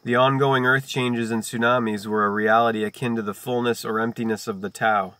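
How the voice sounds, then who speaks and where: A man hosting a video who reads a book aloud, breaking off for slow, deliberate wordplay and chant-like lists. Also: mid-range voice, fairly even intonation, a bit bright, dry recording. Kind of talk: reading aloud mixed with free-associating musings.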